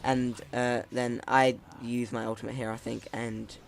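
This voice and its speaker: A man's voice: medium pitch, level tone, measured pace, vocal fry, slight background noise. A man casually commenting over his gameplay, rambling, laughing at himself, his voice cracking now and then. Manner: rambling, chuckling, self-mocking.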